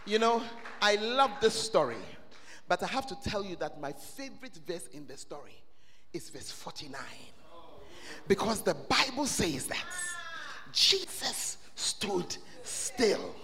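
A man preaching a sermon in a church, swelling into loud, sing-song shouting. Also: high-pitched. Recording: long reverb of a church hall.

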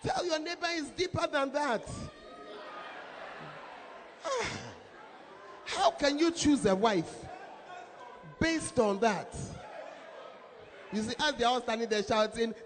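A woman pastor preaching a sermon in a lively, shouting, laughing manner. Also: sits high, slow pace, long pauses, noisy background. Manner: animated, shouts and laughs often. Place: church hall with congregation. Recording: reverberant hall, faint crowd.

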